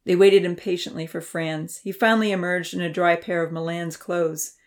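A woman reading a children's novel aloud in a steady, measured narration. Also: fairly low pitch. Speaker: audiobook narrator. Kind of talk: storybook narration.

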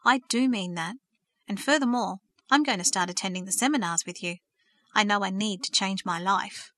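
A woman's voice: medium pitch, brisk, pushed and bright, no echo. A woman doing a shaky, remorseful young man. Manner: shaky, sad, earnest.

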